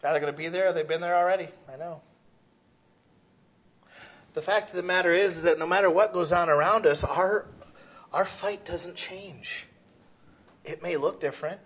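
A man pastor preaching a sermon in a church, animated, asking questions aloud and acting out what people say. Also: high-pitched, normal speed, pauses often, breathy edge, highs cut off. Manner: animated preaching, acting out quoted voices, shouts rhetorical questions.

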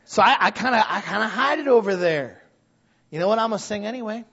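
Brief: male pastor, high voice, animated, laughs often, sermon on a dull lo-fi recording. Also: quick pace, breathy edge.

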